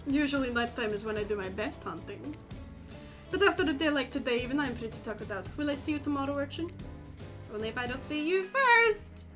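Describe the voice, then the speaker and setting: A woman's voice: sits high, big pitch swings, brisk, fairly bright tone, soft background music. A woman voicing a coy, menacing female huntress killer in a put-on Russian accent for a game. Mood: playful.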